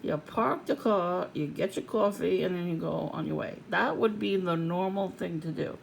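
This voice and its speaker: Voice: medium pitch, moderate pace, creaky, slight background noise, rough recording. An adult vlogger venting in a casual, profane rant to the camera, laughing often.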